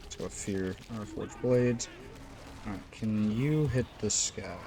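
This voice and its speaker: A man's voice: on the low side, takes it slowly. A man giving casual, rambling gameplay commentary as host of a gaming channel, full of fillers and the odd curse. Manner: rambling, lots of fillers, occasional swearing.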